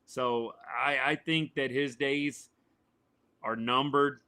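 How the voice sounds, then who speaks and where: Hoarse man reacting to a game live. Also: mid-range voice, steady tone, takes it slowly, pushed and bright. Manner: chatty, answers chat viewers by name, says y'all. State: voice worn and failing, a little quieter than usual. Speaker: podcast host doing live game reaction. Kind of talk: casual live sports reaction and commentary.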